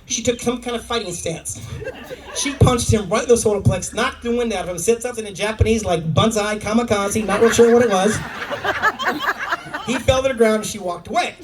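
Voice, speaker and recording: High-pitched and brisk, a middle-aged man performs stand-up before a live audience, telling stories and acting out other people's lines. The clip comes from an audience recording across the club, so the mic is distant and a loud, laughing crowd fills the background.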